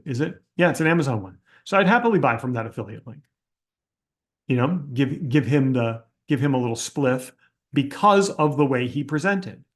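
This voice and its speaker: A man hosting a casual Q&A, talking bluntly and skeptically, thinking aloud with frequent restarts. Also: mid-range voice. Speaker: host answering audience questions. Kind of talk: casual Q&A livestream talk.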